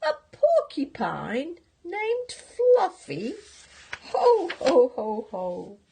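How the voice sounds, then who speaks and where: A woman's voice: sing-song, drawn-out words, vocal fry, a little mellow, a little hiss or hum, exaggerated voice. An older woman voicing a big, rude male rhinoceros who keeps bursting into laughter, for a storybook reading. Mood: giggling. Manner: booming, teasing, breaks into laughter.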